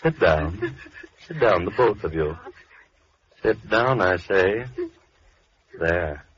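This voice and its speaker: A soft-spoken sinister recluse. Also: male voice, sits low, expressive. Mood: gently sinister. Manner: slow, quiet, coldly polite menace. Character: soft-spoken menacing lonely male recluse. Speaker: villain. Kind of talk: 1940s radio acting. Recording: dull, faintly hissy old radio broadcast.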